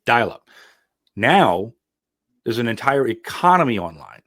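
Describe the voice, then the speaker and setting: A man's voice: on the low side, a little slow, dry recording, studio quality. A man who is an ironworker and mentor, a podcast guest, giving earnest, emphatic advice with frequent fillers. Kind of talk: casual interview chat.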